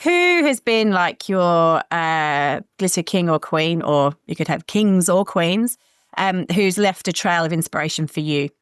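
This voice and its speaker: A woman's voice: lowish voice, lively intonation, measured pace, smooth, no echo, clean studio sound. A woman hosting a podcast interview. She asks questions in a friendly, encouraging way with light teasing. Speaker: podcast host. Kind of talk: casual interview chat.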